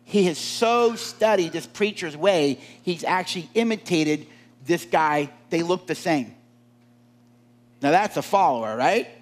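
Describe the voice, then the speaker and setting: Pastor preaching, high voice, swings all over, keeps tossing questions at the crowd. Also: male voice, unhurried. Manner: animated, asks the congregation questions. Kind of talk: sermon.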